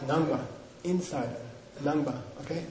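A man leads a language lesson in a joking, drilling manner, his voice pitched fairly high. He speaks unhurriedly. The room is echoey and full of students. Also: a little slow, warm tone. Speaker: language teacher. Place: classroom with students. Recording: echoey room with class audience.

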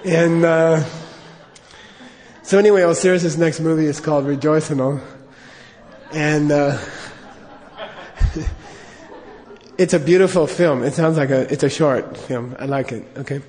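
A man's voice: a little high, steady tone, unhurried, long pauses, darkish tone, long reverb tail. A man giving a Buddhist talk in a chatty, joking way, leading mantra chanting and telling stories. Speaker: Buddhist teacher. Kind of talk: dharma talk with storytelling.

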